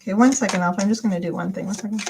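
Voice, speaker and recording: A woman's voice: medium pitch, rapid-fire, background noise. A woman doing a live tarot reading, talking in a rambling, hesitant way full of fillers and restarts. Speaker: tarot reader.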